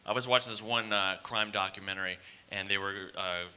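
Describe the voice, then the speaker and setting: A man's voice: deep voice, fairly even intonation, fairly quick, sharp tone, clear, resonant tone. A man doing a rambling, self-deprecating stand-up set on a theater stage, full of fillers. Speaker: stand-up comic.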